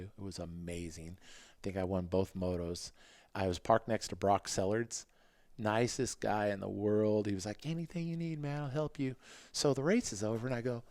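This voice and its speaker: A middle-aged man, a former motocross racer, telling racing stories on a podcast in a casual, animated way and acting out his own past thoughts in quick quoted lines. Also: on the low side, no room sound. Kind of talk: casual storytelling.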